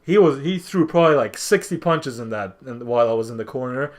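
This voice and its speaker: A man of average pitch, speaking as a guest on a podcast. He tells his story in a loose, casual way, stumbling over and repeating words as he goes. He keeps slipping into the voices of the people in his story. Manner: halting, with many restarts and repeated words; animated, acts out what others said.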